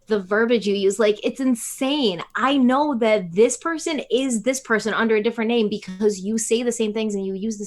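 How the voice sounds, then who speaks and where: A woman co-hosting a casual live stream, chatting and teasingly reading names from the chat aloud. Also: medium pitch.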